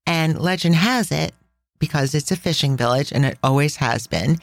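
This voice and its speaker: A woman's voice: low-pitched, moderate pace, creaky, dry recording. A woman hosting a casual travel podcast, talking with enthusiastic, chatty storytelling. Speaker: podcast host.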